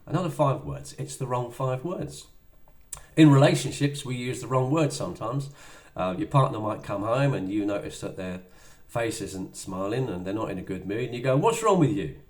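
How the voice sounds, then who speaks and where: A man's voice: mid-range voice, moderate pace, darkish tone. A middle-aged man giving a motivational sales talk in a chatty way, acting out little dialogues as he goes. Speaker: business trainer.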